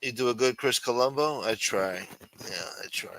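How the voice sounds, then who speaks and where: A man's voice: mid-range voice, moderate pace, rough recording. A man hosting a late-night live stream, chatting casually and profanely with his viewers. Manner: profane, animated and chatty with chat. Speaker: livestream host.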